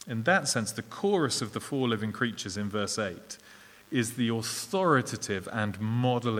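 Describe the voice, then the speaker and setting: An English-accented man delivers a sermon in an earnest, measured way, pausing on small fillers and restarts. His voice sits fairly low. Long reverb from a large hall trails after his words. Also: a bit bright. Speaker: preacher.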